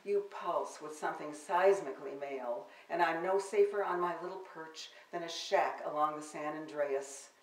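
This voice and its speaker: A woman's voice: low-pitched, normal speed, hardly any pauses. An older woman, a poet, giving a public reading of her verse with wry, theatrical delivery and spoken asides, in a bookstore. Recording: roomy, distant live-event recording.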